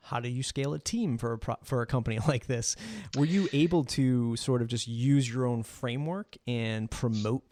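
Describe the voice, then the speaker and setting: A man's voice: mid-range voice, a little mellow, a little hiss or hum. A man hosting an interview, giving brief acknowledgments and asking thoughtful questions. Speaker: podcast host. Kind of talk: casual interview.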